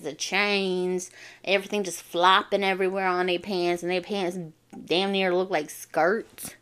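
A young adult woman from a Navajo reservation, telling a personal story in casual, slangy speech and swearing freely. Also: mid-range voice. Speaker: vlogger.

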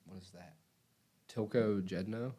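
A man in casual chat who reads song lyrics aloud in a flat, deadpan way and jokes between lines. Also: on the low side, measured pace, husky. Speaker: co-host reacting to a music video.

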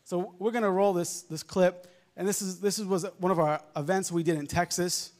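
A male preacher with a softened New York accent, delivering a fervent sermon full of amens and hallelujahs. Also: sits high, steady tone, normal speed. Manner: fervent, peppered with amens and laughs.

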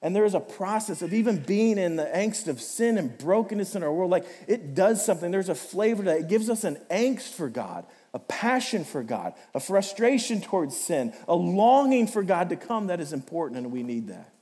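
A man's voice: high voice, sing-song, normal speed, few pauses, dark tone. A man preaching in a reverberant church hall. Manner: conversational, asks the congregation direct questions. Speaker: pastor. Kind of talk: sermon.

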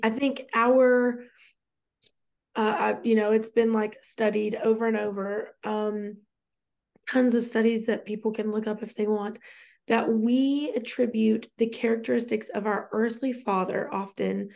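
Tearful chatty woman with gravelly edge. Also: on the high side, flat delivery, unhurried, darkish tone. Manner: emotional, chatty, many fillers. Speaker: podcast co-host. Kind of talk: casual faith conversation.

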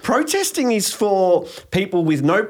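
A man's voice: high voice, big pitch swings, unhurried. A man in casual podcast chat, ranting heatedly with frequent swearing and restarts. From Australia.

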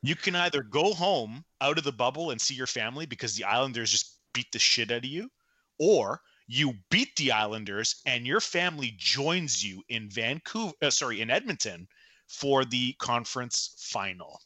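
A man co-hosting a casual sports podcast, talking loudly in animated pep-talk bursts. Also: medium pitch, normal speed, no echo. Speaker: podcast co-host.

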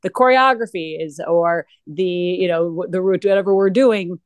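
A woman's voice: lowish voice, moderate pace, clean tone, dry recording. A woman guest talking earnestly in a conversational interview, with frequent restarts. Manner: earnest, animated, with many restarts.

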